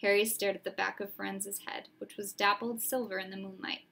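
A woman narrating a storybook aloud in a steady, expressive way. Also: mid-range voice, fairly quick, vocal fry. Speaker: reader.

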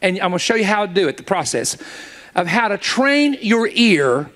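Male preacher, high lively voice, storytelling sermon that rises to shouts. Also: normal speed. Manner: storytelling preacher, acts out dialogue, builds to shouts.

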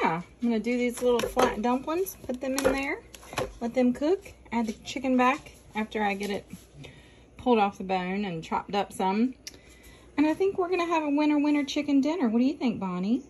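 A woman's voice: medium pitch, slight background noise, rough recording. A woman chatting casually in her farm vlog, laughing often and talking straight to her handheld phone. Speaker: farm wife vlogger.

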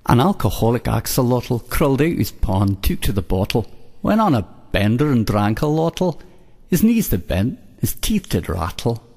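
A man recites comic rhymes in a playful, sing-song manner. His pitch moves about a lot, and his voice rings with a long reverb. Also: very animated, normal speed, gravelly, darkish tone.

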